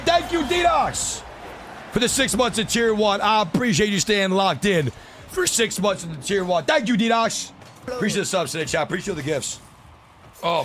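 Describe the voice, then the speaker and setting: A man's voice: a little high, fairly bright tone. Young man, game streamer, fed-up rant, curses often, faint background hum. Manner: ranting, frustrated, swears a lot. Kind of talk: live gameplay stream chat.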